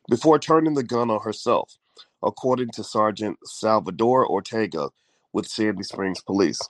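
A man's voice: lowish voice, no echo. A man hosting a casual live-stream chat with his wife, in a groggy morning voice and rambling with many fillers. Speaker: host.

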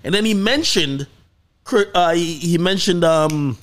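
A man hosting a podcast, telling a story in casual chat with lots of swearing and excited peaks. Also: on the high side, unhurried. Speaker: podcast host.

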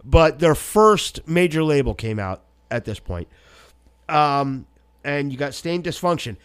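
Man, host, casual music chat, blunt, profane, slightly high, lively pitch. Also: unhurried, clear, resonant tone.

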